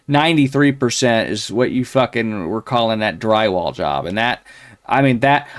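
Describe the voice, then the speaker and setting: A man's voice: medium pitch, no echo. A man hosting a commentary show, crudely mocking a video with a rambling, sneering delivery full of fillers. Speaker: commentary host.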